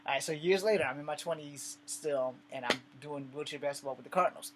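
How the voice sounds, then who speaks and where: A man from the United States vlogging, telling a personal story in a blunt, casual way with lots of swearing and animated retelling. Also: a little high, fast talker, background noise. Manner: blunt and profane, with frequent swearing; animated retelling with acted dialogue.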